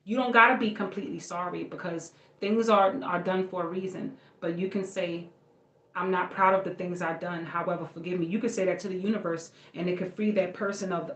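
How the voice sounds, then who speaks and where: A woman with a fairly low voice gives a casual astrology reading, rambling and slangy as she talks straight to her viewers. The room adds a noticeable echo around her voice. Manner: loose, slangy, rambling, addresses viewers as y'all. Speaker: astrology reader. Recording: roomy echo.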